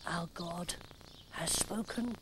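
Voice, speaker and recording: A man voicing an old, frightened priest who speaks low and hushed. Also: moderate pace, background noise, natural voice. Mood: broken.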